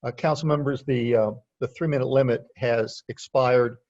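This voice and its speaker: A man chairing a town council meeting, brisk and procedural as he manages speaking time. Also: medium pitch, fairly even intonation, darkish tone, dull audio.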